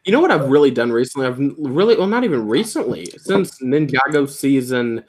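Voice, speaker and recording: A young man chatting casually while building Lego, rambling and laughing easily, his words a little soft and slurred. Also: mid-range voice, sing-song, a little fast. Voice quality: soft, slightly slurred when quiet. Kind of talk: casual chat.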